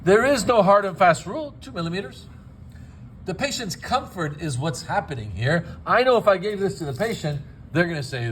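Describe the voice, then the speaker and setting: A man's voice: high voice, big pitch swings, moderate pace, a little hiss or hum. A man demonstrating dental lab work in a casual teaching style, with joking asides. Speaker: dental technician. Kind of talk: hands-on demonstration. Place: dental laboratory.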